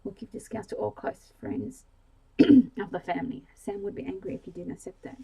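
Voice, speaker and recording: A woman reading the lines of a friendly small-town shop woman in a gentle ASMR whisper. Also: mid-range voice, steady tone, moderate pace, vocal fry, husky, poor audio. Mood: kindly.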